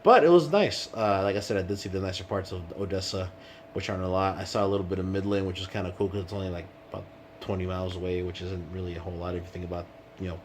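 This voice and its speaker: A low-pitched man rambles through a casual video diary, swearing freely as he talks. A faint hiss sits under his voice. He is indoors at night, away from home for work. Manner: rambling and profane. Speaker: vlogger. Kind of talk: casual vlog chat.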